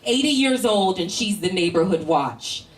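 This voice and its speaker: Her mid-range voice animated and her pace normal, a woman from Northern Virginia brashly ribs the audience during stand-up crowd work, laughing as she goes. The live tent show is captured from afar, roomy and full of crowd noise.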